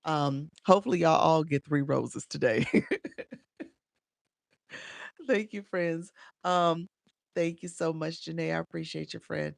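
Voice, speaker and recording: A woman with a Chicago accent runs a casual live-stream coaching session, laughing often and calling out viewers by name. Her voice has a gravelly, fried texture, and the sound is close and dry with no room echo. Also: deep voice, unhurried, long pauses. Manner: chatty, laughs often, reads out viewer names.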